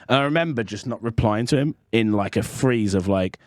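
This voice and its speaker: A man's voice: fairly low pitch, moderate pace, hardly any pauses, no room sound, clean studio sound. A man co-hosting a podcast, telling rambling personal stories in casual chat. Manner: chatty, rambling storyteller with restarts. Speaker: podcast co-host.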